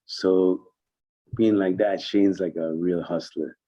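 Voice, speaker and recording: A middle-aged man telling stories with lots of swearing and animated mimicry of other people. His voice sits low and mellow. The recording sounds dull and lo-fi. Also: takes it slowly. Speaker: guest. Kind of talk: casual storytelling chat.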